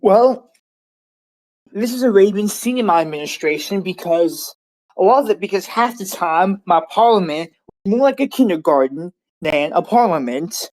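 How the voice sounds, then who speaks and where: A woman's voice: mid-range voice, animated, moderate pace, a little mellow, low-quality recording. A woman candidate at a debate, speaking as the sitting prime minister, confident and self-promoting. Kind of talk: debate answer.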